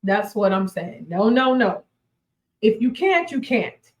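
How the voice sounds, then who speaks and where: Slow, emphatic woman talk host. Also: medium pitch, sing-song, roomy sound, rough recording. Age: 40s. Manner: emphatic, repeats lines, laughs often. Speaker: radio show host. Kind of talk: casual motivational talk.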